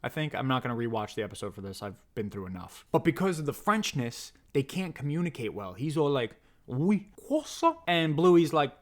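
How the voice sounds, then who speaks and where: Lively, sarcastic man joking. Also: medium pitch, a little fast, few pauses. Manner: sarcastic, jokey, mock-dramatic. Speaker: dad commentating on a kids' show. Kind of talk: comedic commentary vlog.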